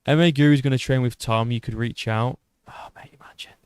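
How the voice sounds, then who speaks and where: A man in his twenties with a British accent, hosting an MMA channel and reading viewer comments in a casual livestream chat. He swears often, restarts his sentences and argues with a rough edge. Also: mid-range voice, steady tone, fast talker, darkish tone, dry recording, studio quality. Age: 20s. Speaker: YouTube MMA channel host.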